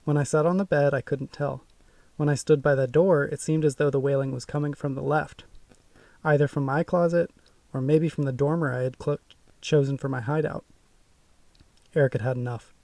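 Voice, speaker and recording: A man narrating a first-person audiobook in a measured, suspenseful way. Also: a little high, steady tone, vocal fry, warm tone, no echo, far from the mic.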